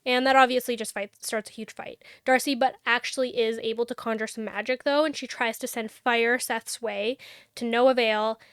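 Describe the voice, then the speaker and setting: A woman's voice: a little high, fairly even intonation, moderate pace, fairly bright tone, clear, resonant tone, no echo, clean studio sound. A young adult woman co-hosting a podcast, recapping a book in a rambling, sarcastic, casual way. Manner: rambling, sarcastic, filler-heavy. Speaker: podcast co-host.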